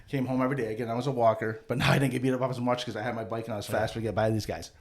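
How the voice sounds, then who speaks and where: A man's voice: mid-range voice, steady tone, racing, hardly any pauses. A man from a Mohawk community telling a rambling, profane childhood story on a podcast, acting out the people in it. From Akwesasne Mohawk community. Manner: rambling, profane, jokey anecdotes with acted-out quotes. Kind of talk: casual storytelling chat.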